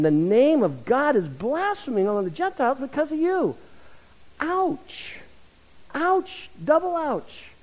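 Male pastor, middle-aged, high voice swinging widely, animated storytelling sermon. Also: low-quality recording. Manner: animated storytelling with self-deprecating humor.

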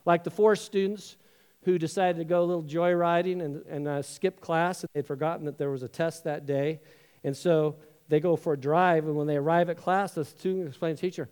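A high-voiced man preaching to a congregation. He keeps it conversational and joking, and slips into little character voices when he tells a story. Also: fairly even intonation, moderate pace, a little mellow. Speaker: pastor. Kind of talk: sermon.

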